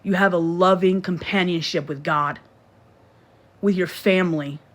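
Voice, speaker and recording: A woman's voice: fairly low pitch, fairly even intonation, unhurried. A woman on a phone livestream from her bed, lecturing and scolding in a preachy, repetitive way. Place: bedroom, in bed.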